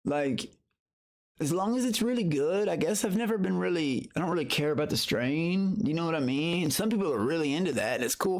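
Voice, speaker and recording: Profane rambling male streamer. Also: creaky. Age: adult. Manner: profane, rambling, talks to chat, jumps to a high excited voice when greeting viewers. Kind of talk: casual livestream chat.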